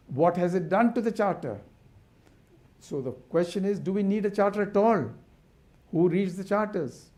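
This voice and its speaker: A man's voice: high-pitched, warm tone. A man giving an impassioned symposium talk, asking rhetorical questions with frequent restarts. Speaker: conservation academic speaker.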